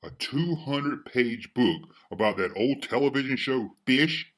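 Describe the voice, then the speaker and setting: A man's voice: mid-range voice, lively intonation, unhurried, a bit bright. A man co-hosting a podcast, tossing in dry, wisecracking quips during casual chat. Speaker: podcast co-host.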